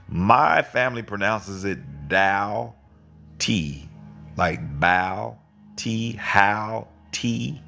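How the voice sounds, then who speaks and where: A middle-aged man with a very low voice and a gravelly rasp, talking through scripture in a loose, rambling way. He repeats himself and his voice leaps up for emphasis. Soft music plays faintly behind him. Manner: rambling and repetitive, with emphatic pitch jumps. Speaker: online channel host. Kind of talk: informal live Bible teaching.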